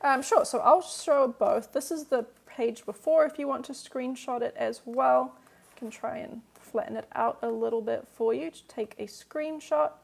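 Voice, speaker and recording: A woman's voice: high-pitched, moderate pace, vocal fry. A woman teaching a live-streamed language lesson, patiently explaining grammar and answering viewer questions with lots of "um" and "like".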